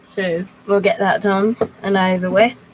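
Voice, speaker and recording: A young woman chatting casually on a live stream, rambling and halting as she talks to her chat from a home computer setup. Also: mid-range voice, flat delivery, slight background noise, low-quality recording.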